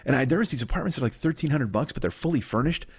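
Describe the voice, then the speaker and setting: A man's voice: mid-range voice, expressive, racing, husky. A man in his forties from the United States doing a solo comedy podcast, ranting profanely and slipping into mocking put-on voices. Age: 40s. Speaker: comedian host.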